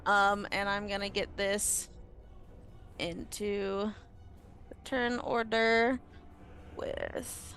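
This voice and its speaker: A woman running a tabletop game as game master, relaxed and hesitant with frequent ums. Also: mid-range voice, very slow, long pauses, faint music behind. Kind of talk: narrating a tabletop game on a live stream.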